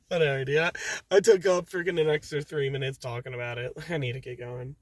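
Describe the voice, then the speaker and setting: A man who drives food deliveries, telling a story in a casual vlog, animated and saying dude a lot, filmed in his car. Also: mid-range voice, fairly quick, heavy background noise. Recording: dry, a bit distant from the mic.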